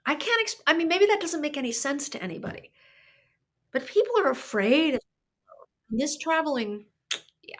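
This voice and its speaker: A woman's voice: sits high, sing-song, normal speed, long pauses. An older woman, a podcast guest and artist, telling her story in a thoughtful, emotional way, often restarting her sentences. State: tearing up. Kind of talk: reflective conversational storytelling.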